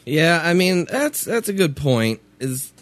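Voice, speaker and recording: A man's voice: a little high, sing-song, measured pace, dry recording. A man co-hosting a streamed show, chatting casually in a laid-back, reasoned way. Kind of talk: casual chat while gaming on stream.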